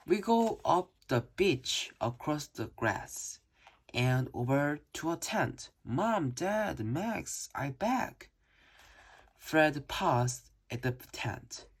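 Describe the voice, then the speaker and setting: Storybook reader: unhurried, husky-breathy tone, lively sing-song pitch, careful delivery with small slips. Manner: slow, careful reading with occasional slips. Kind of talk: reading a children's book aloud.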